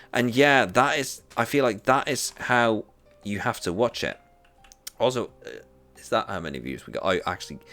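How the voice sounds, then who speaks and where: Male streamer chatting while gaming, deep voice that swings widely in pitch, rambling and prone to restarts. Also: creaky, fairly bright tone. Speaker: live streamer. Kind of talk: casual chat while gaming.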